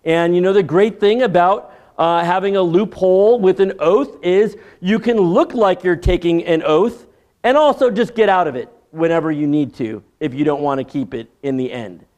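A man giving an expository sermon in a measured teaching manner, with dry asides. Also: sits high, a little mellow, lo-fi sound. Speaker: preacher.

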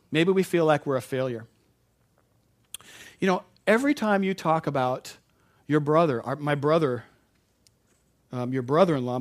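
A middle-aged pastor with a fairly high voice preaches a conversational sermon. He corrects himself along the way, then abruptly gets loud to drive a point home.

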